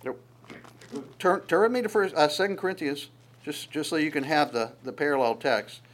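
A man preaching a sermon, lively and conversational, often stammering on repeated words and acting out quoted voices. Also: fairly high pitch, normal speed. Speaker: pastor.

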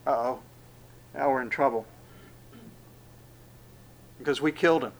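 A man preaching a sermon, swinging between loud proclamations and hushed asides and acting out the speech he quotes. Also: medium pitch, measured pace, gravelly, pauses often.

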